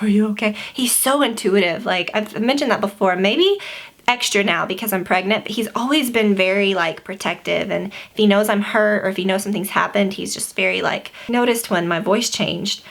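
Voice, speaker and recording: A woman's voice: mid-range voice, fairly bright tone. A young woman chatting casually to camera as a beauty vlogger, filling her talk with "like" and "you know.". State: pregnant.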